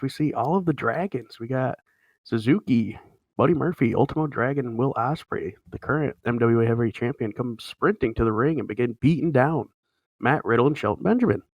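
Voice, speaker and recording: A man's voice: medium pitch, lively intonation, brisk, dry recording. A man in casual chat on a podcast, running through wrestling results in an easygoing announcer style. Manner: play-by-play announcer delivery, easygoing.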